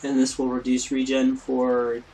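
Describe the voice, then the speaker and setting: A man's voice: medium pitch, monotone, a little slow, dark tone, slight background noise, low-quality recording. A man hosting a let's play, rambling in casual gameplay commentary and poking fun at himself. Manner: rambling, self-deprecating, lots of fillers.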